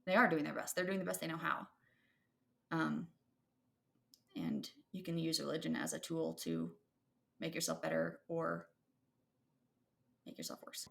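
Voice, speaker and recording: A woman's voice: low voice, little pitch movement, unhurried, vocal fry, long pauses. A woman in her thirties co-hosting a podcast, talking in a thoughtful, rambling way with many fillers and restarts. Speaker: podcast co-host. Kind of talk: casual conversational chat.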